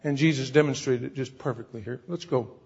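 A man's voice: mid-range voice, brisk, vocal fry, darkish tone, breathy edge. A man preaching a sermon to a congregation, talking conversationally and turning emphatic, often asking the listeners questions. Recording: dull lo-fi recording with long hall reverb.

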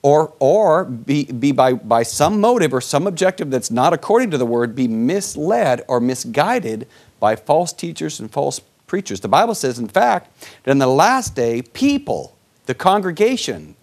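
A man's voice: on the high side, big pitch swings, normal speed, darkish tone. A man teaching from the Bible in conversation with a co-host, often asking him rhetorical questions. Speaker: preacher co-hosting a Bible discussion.

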